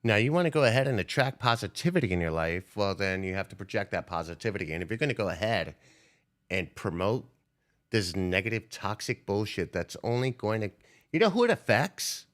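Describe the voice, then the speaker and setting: A man's voice: on the low side, fairly quick. A young man ranting on a stock trading livestream, profane and confrontational as he calls out viewers. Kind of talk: unscripted livestream rant.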